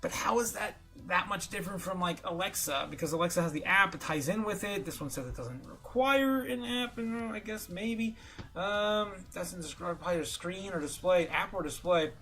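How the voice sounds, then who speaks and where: A man hosting a casual livestream, talking excitably with lots of fillers and chuckles. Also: high-pitched, normal speed. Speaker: livestream host.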